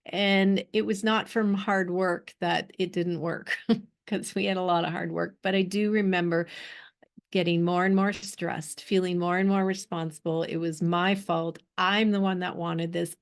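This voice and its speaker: A middle-aged woman hosting a spiritual art workshop, telling a personal story in a slow, heartfelt way with long pauses. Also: fairly low pitch, clean tone.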